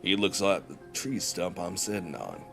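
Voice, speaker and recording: A young man with a relaxed Southern US drawl and a lowish voice, reading game narration slowly and joking with his audience between lines. Soft music plays underneath. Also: vocal fry. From Georgia, USA. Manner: chatty, joking, slow and deliberate when narrating. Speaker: streamer. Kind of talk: casual chat while reading a game story aloud.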